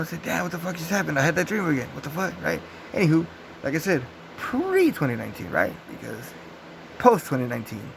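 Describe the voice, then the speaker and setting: Rambling profane young man, slightly high voice. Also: slight background noise, rough recording. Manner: rambling, profane, acts out gunshot sounds. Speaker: vlogger. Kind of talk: casual storytelling to camera.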